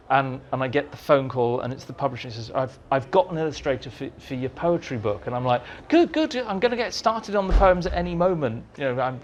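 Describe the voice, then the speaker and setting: A man telling lively anecdotes as an interview guest, acting out the dialogue in his stories, in a meeting room with an audience. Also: medium pitch, muffled recording, slight background noise. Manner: animated storyteller, acts out dialogue. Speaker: interviewee, writer.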